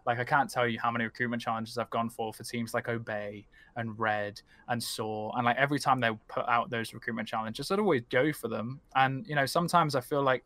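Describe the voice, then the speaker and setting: A man talking as a podcast guest, chatty and quick, leaning on fillers like "like" and "you know". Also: medium pitch, fairly even intonation, bright, forceful tone, no room sound. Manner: chatty, fast, heavy on fillers. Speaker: podcast guest, team stream lead. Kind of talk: casual podcast chat.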